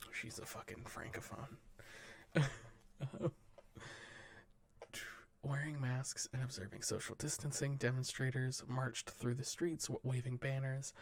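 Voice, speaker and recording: A man softly reading the news into a close mic in a whispered, ASMR way, stumbling over words and breaking off for dry, jokey asides. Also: medium pitch, vocal fry, dry recording.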